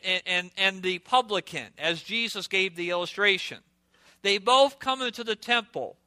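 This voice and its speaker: A man's voice: high-pitched, sharp tone, dry recording. A man preaching a sermon, reading scripture aloud and stressing key words by repeating them and putting rhetorical questions to his listeners. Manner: asks the audience rhetorical questions.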